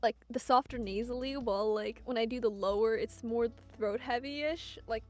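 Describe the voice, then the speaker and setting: Give me a high-voiced chatty young woman. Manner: chatty, rambling, quick laughs. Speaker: vtuber student. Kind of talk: casual chat in a vocal lesson.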